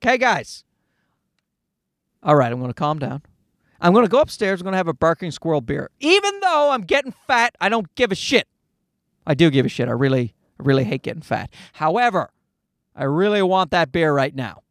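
A man's voice: high voice, very animated, a little fast, a bit bright, no room sound, studio quality. A man from Canada hosting a podcast, ranting in a casual, profane, worked-up way. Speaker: podcast host. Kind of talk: casual solo rant.

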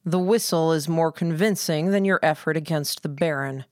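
Woman reading stern male commander, clipped orders, audiobook, lowish voice. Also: moderate pace, no echo, clean studio sound, natural voice. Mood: commanding. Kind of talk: audiobook character voice.

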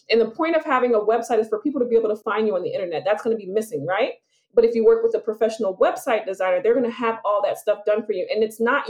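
A woman, hosting a casual solo podcast as a business coach, chatty and lively, laughing often as she talks. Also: a little high, dull audio.

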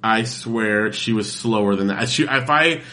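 Lively, bright-voiced man telling stories. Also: on the low side, unhurried. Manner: animated storyteller, acts out quotes. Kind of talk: casual chat.

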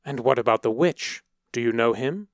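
A man voicing a cold, menacing priest in a storybook reading, speaking slowly and quietly. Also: medium pitch, no echo, studio quality, close to an everyday voice. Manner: slow, quiet and deliberate. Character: cold menacing male priest, middle-aged.

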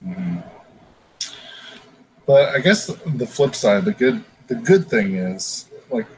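A man hosting a casual podcast conversation, his voice sitting at an ordinary middle pitch. He talks in loose, frustrated rants peppered with swearing. A faint hiss of noise sits underneath. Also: big pitch swings, slow pace, rough recording. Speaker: podcast host. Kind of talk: casual chat.

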